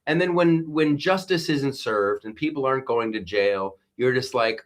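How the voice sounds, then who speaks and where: A man's voice: medium pitch, moderate pace, hardly any pauses. A man hosting a live talk show, giving rambling, emphatic political commentary and reading viewer comments aloud. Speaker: livestream show host.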